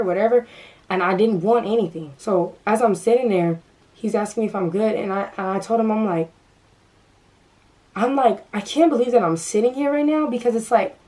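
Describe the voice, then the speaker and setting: A woman's voice: mid-range voice, darkish tone, low-quality recording. Young woman vlogger, casual storytime to camera, nervous with frequent stutters and restarts. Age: young adult.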